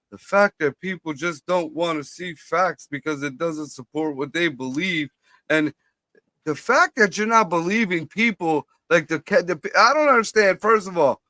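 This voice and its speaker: A man co-hosting a podcast in casual chat, ranting profanely with halting restarts. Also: a little high, fairly bright tone, no echo. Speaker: podcast co-host.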